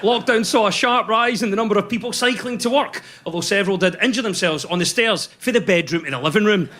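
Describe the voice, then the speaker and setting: A man hosts a comedy news quiz, reading each scripted joke deadpan before he turns to the panel. His voice sits high and sounds bright and forceful. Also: fast, a little hiss or hum. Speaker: quiz show host.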